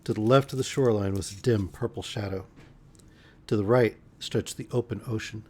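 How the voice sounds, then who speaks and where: A man reading a pulp fantasy novel aloud as a bedtime story, measured with occasional slips. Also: on the low side, a little mellow, breathy edge.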